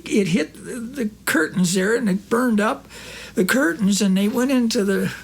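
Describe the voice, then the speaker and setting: A gravelly old rancher, put on by a man, drawling and circling around the bad news. He stumbles over his words, repeats himself, and talks a notch higher than the storyteller's own voice. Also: moderate pace, slight background noise. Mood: rambling.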